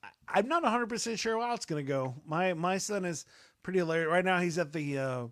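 A man's voice: on the high side, fairly quick, dry recording. Young male host, casual and rambling, talks about his kid, dry sound. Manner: rambling, with many fillers and restarts. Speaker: podcast host. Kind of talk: casual chat.

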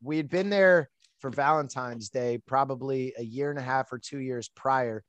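A man's voice: mid-range voice, moderate pace, no echo. A man hosting a podcast, telling a personal story in an outgoing, chatty way with plenty of fillers. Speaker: podcast host. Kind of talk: casual storytelling chat.

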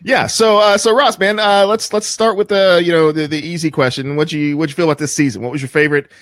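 A man's voice: a little high, fairly even intonation, quick pace, fairly bright tone, no echo, clean studio sound. A man co-hosting a call-in show, joking and rambling in a casual, chatty way. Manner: jokey and chatty, rambling puns. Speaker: co-host. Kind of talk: casual chat, podcast.

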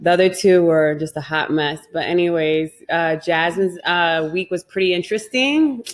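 A woman with a lowish voice co-hosts a podcast in easy, casual chat. She chimes in with relaxed, supportive asides and laughs along. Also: moderate pace. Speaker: podcast co-host.

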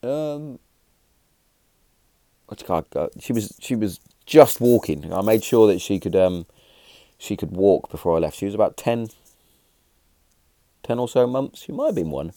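Bloke, thirties, very low voice, dry close sound, rambling storyteller. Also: male voice, normal speed, pauses often, dry recording. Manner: rambling, animated when telling a punchline, frequent restarts and fillers. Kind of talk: casual storytelling.

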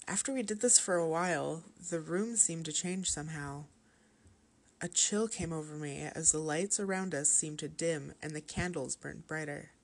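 A woman narrating a horror story aloud in a steady, even reading manner. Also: low-pitched, normal speed, vocal fry.

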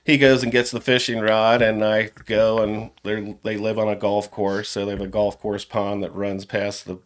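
A middle-aged man, a jewelry store owner from Cincinnati, chatting as a podcast guest and telling stories in a relaxed way, laughing often and trailing off softly at the ends of phrases. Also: lowish voice, normal speed. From Cincinnati, USA. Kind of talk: casual storytelling chat.

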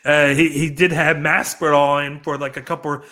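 A young man with a high, bright voice chats casually on a podcast. He stumbles and repeats his first words before getting a sentence out. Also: flat delivery, normal speed. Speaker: podcast co-host. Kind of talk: casual chat.

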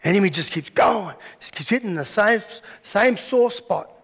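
A man preaching a sermon as pastor, telling stories in an animated way and acting out the scenes. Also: high voice, moderate pace, creaky, slightly rough. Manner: animated storytelling, acts out scenes. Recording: long hall reverb.

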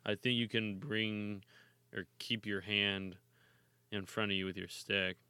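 A man's voice: fairly low pitch, flat delivery, unhurried, pushed and bright, clear, resonant tone, dry recording. A man co-hosting a casual hockey chat, reading news items and swearing freely. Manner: laid-back, swears casually, laughs often. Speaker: hockey podcast co-host.

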